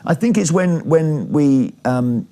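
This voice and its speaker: A man's voice: on the high side, animated, takes it slowly, mellow. A man hosting a TV panel chat, leading the talk in a chatty, jokey way. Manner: chatty, jokey, leads the discussion. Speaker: TV talk show host.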